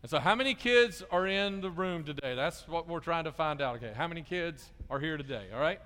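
A middle-aged pastor gives a children's sermon, coaxing the kids with lively questions. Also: male voice, on the high side, brisk. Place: church sanctuary. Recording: long reverb of a large church hall.

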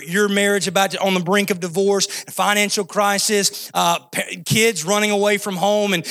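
A man's voice: high-pitched, pushed and bright. A man preaching a sermon in a conversational, impassioned way, climbing to emphatic peaks and dropping into casual asides. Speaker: pastor.

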